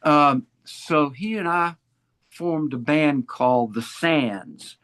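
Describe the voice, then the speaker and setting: A man's voice: fairly high pitch, takes it slowly, a bit bright, smooth. A man in his seventies from Virginia, telling stories as a guest in an interview, full of old hipster slang. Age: 70s. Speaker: guest musician. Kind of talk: casual storytelling interview.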